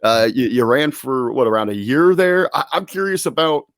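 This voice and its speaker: A man's voice: mid-range voice, moderate pace, fairly bright tone, no echo, studio quality. A young man with a resonant radio voice, asking long, polite questions as a panel questioner.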